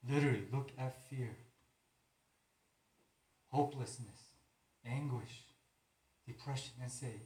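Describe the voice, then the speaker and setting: A man's voice: medium pitch, measured pace, long pauses, a little mellow. Earnest male preacher in an echoey room. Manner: earnest, rising to emphatic declarations. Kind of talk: sermon. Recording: roomy echo.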